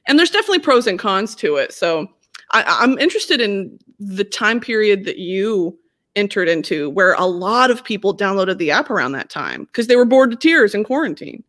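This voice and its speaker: A woman's voice: mid-range voice, very animated, normal speed, fairly bright tone. A young woman from Texas hosting a podcast, chatty and upbeat, asking curious questions. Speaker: podcast host. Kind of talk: casual interview chat.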